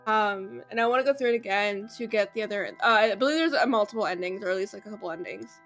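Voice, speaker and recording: A woman's voice: mid-range voice, quick pace, a bit bright, soft background music. A woman streamer giving casual, rambling and profane commentary while playing a game. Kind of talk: casual let's-play commentary.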